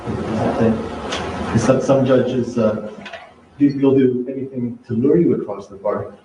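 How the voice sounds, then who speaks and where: A man in the audience adding a halting comment, repeating words as he goes. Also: mid-range voice, fairly even intonation, distant mic, noisy background. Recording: echoey room, off mic.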